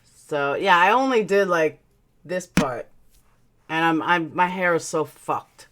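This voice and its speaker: Against a noisy background, a woman with a lowish, expressive voice takes her time reading out her chat on a casual live stream. She chats bluntly, with a slight lisp that comes from her dental aligners.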